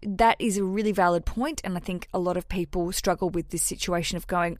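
A woman's voice: lowish voice, fairly even intonation, a little fast, no room sound, clean studio sound. A woman hosting a podcast and giving casual, frank wedding advice, swearing freely and putting on voices to quote people. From Australia. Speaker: podcast host answering listener questions.

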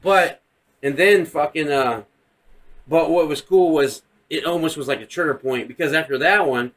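A man's voice: a little high, moderate pace, fairly bright tone. A man co-hosting a podcast, chatting casually and profanely, acting out scenes with silly voices. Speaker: podcast co-host. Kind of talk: casual chat.

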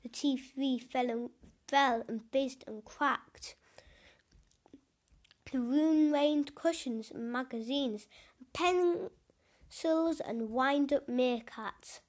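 A high-voiced woman reads a children's storybook aloud at an unhurried pace. Her delivery is gentle, with small stumbles over a word here and there, like a host running a storytelling corner.

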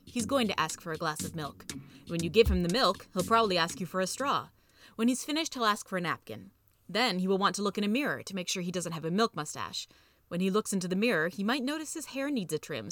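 A woman reading a storybook aloud as host, playful and expressive. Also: medium pitch, no room sound. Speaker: reader and narrator. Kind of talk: scripted storybook narration.

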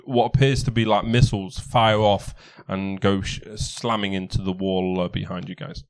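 A man's voice: sits low, steady tone. Man running a tabletop game. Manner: halting, reads item rules out slowly. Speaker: game master.

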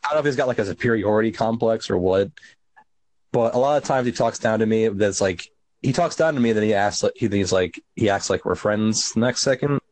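A young man in casual chat among friends, speaking hesitantly with halting restarts. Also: fairly low pitch, a little mellow, rough recording.

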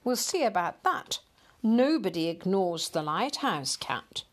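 A woman's voice: medium pitch, very animated, measured pace. A woman voicing a plump, proud male ginger cat in a storybook reading, making huffy, indignant declarations.

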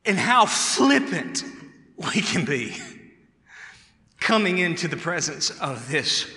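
A man preaching a sermon, emphatic, repeating words for stress and rising to loud calls. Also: a little high, very animated, takes it slowly, pauses often. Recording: echoey hall sound.

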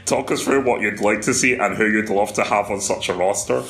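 A man's voice: lowish voice, fairly quick, noisy background. A man hosting a casual interview, laid-back with short replies. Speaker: podcast host.

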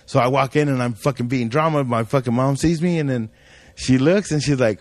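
A man's voice: medium pitch, a little fast, darkish tone, no room sound. Slangy, profane storytelling man. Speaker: podcast guest. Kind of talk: casual storytelling chat.

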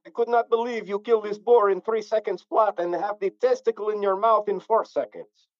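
A man's voice: high voice, fairly even intonation, normal speed, no room sound, lo-fi sound, natural voice. A man putting on a broken-English Eastern European accent, playing a joking braggart. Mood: boastful. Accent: put-on Eastern European accent. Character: boastful male Eastern European joker.

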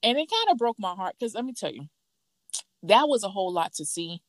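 A woman's voice: brisk, dry recording. Chatty woman telling gossip, dry close sound. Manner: animated storytelling, acts out quotes in a higher voice. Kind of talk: casual gossip chat.

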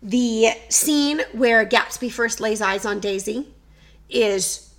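A woman hosting a casual chat, telling a story in an animated way and reading quotes aloud playfully. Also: a little high, takes it slowly. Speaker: podcast host.

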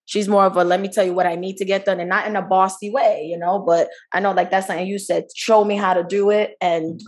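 This young woman, a podcast co-host, talks fast in a mid-range, slightly mellow voice with a flat delivery. She is talkative in the casual chat, laughs a lot, and acts out what others said.

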